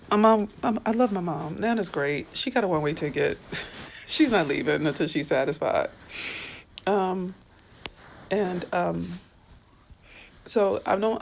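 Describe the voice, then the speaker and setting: A tired woman, chatting softly and a bit weepily to viewers on a live stream from her bed at home. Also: fairly low pitch, vocal fry, slight background noise. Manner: soft and tired, weepy, talks to viewers by name. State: tired and low on energy. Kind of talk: casual live-stream chat. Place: bedroom at home.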